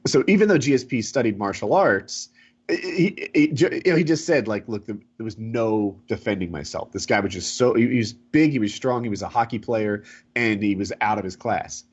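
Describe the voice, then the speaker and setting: A husky man hosts a casual podcast, rambling through a story with lively swings in pitch. His voice comes through a dull, lo-fi home mic. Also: a little fast. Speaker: podcast host.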